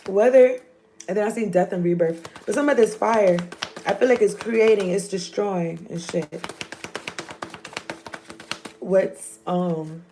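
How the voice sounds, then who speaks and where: A woman's voice: mid-range voice, takes it slowly, long pauses, mellow, faint music behind. A woman, giving a loose, joking, profane tarot reading. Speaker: tarot reader.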